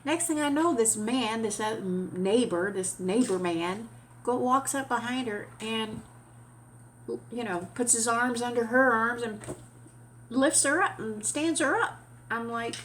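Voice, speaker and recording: A woman vlogger telling a story in an animated, chatty way, with casual swearing. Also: a little high, unhurried, slight background noise.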